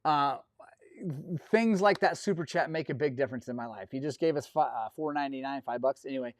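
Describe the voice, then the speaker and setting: A man's voice: mid-range voice, fairly quick, no echo, clean studio sound. A man hosting a dirt bike live stream, chatting casually in a rambling, effusive way and thanking viewers often.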